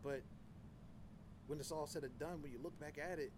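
A man's voice: a little high, normal speed, noisy background. A man talking as a podcast guest, telling candid, profane stories in a loose, casual way. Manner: loose, conversational, frequent "like" and "you know".

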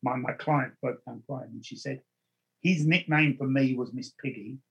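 A man, a medium, telling stories and giving advice in an interview in an earnest manner, slowing down to stress his points. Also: mid-range voice, fairly bright tone, breathy edge, dull audio. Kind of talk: anecdotal storytelling in an interview.

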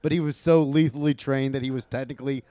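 A man's voice: mid-range voice, steady tone, fast, warm tone, no echo. A man co-hosting a casual podcast, riffing with crude, teasing jokes. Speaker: podcast co-host.

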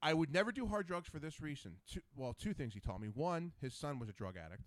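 Male podcast host, higher pitch, very lively delivery, dry close sound. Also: quick pace, dry recording. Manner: animated storyteller. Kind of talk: casual chat.

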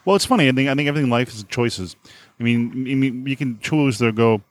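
A man's voice: mid-range voice, fast. A man in his thirties in casual conversation, rambling and repeating his words as he thinks aloud. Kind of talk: casual podcast chat.

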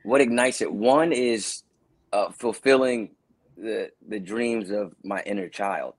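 A man's voice: on the low side, takes it slowly, dry recording, rough recording. A man, an actor and dancer, telling stories in a casual interview and acting out the people he quotes. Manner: animated storyteller who acts out voices of people he quotes.

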